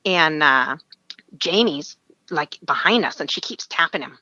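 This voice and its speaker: A woman from Alaska, a podcast guest, telling a story in a lively, chatty way. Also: deep voice, normal speed, no room sound, highs cut off. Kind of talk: casual storytelling.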